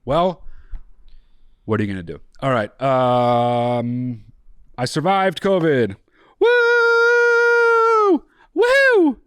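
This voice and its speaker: A man's voice: mid-range voice, animated, takes it slowly, long pauses, clean tone, no echo. Slightly nasal, joking male podcast host. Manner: profane, jokey, exaggerated mock outrage. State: slightly nasal after illness. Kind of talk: casual podcast chat.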